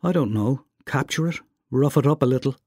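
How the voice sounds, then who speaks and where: A man reading aloud gives a higher, exclaiming voice to an anxious, sharp-tongued young woman in a story. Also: brisk, no echo, studio quality, close to an everyday voice. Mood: alarmed.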